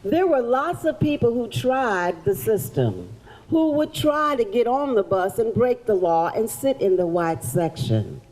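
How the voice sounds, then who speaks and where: Animated woman telling a story in character. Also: on the high side, unhurried, low-quality recording. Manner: animated, theatrical, directs audience volunteers. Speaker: living-history performer. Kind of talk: first-person historical storytelling to children. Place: public library event room.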